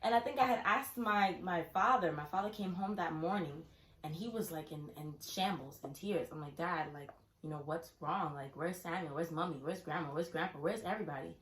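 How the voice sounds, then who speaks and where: Young woman vlogger, slightly low voice, animated storyteller, roomy echo. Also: brisk. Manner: animated, acts out her younger self in quoted questions. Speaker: vlogger telling a family story. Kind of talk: casual storytelling. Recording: echoey room.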